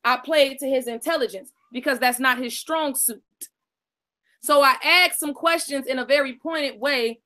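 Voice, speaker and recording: A woman's voice: sits high, moderate pace, sharp tone. A woman co-hosting a live stream, telling a story in a brash, profane, casual way.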